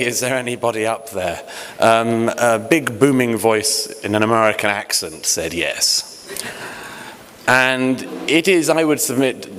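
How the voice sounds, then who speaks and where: British man speaking in an echoey hall. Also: mid-range voice. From Britain. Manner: earnest, hesitant restarts, wry humor. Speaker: panel speaker. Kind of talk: conference speech. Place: large hotel conference hall. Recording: echoey hall, faint ambience.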